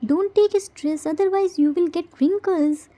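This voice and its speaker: A woman voicing a calm, patient young man who speaks gently to soothe a friend. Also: very high-pitched, unhurried. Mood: soothing.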